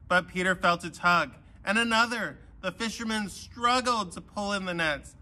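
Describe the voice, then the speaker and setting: A man giving a children's sermon, telling a Bible story with animated voices for the characters. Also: sits high, normal speed, few pauses. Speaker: pastor.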